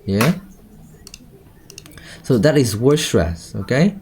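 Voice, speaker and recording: Slow-talking male teacher. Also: mid-range voice, expressive, a little mellow, a little hiss or hum. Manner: questioning, repeats "okay?" and "right?". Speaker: English speaking teacher. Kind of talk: online class teaching.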